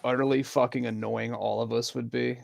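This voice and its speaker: A man's voice: medium pitch, level tone, normal speed, creaky, dry recording. A man co-hosting a casual sports chat, joking and swearing. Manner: laughs often, joking and profane. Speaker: podcast co-host.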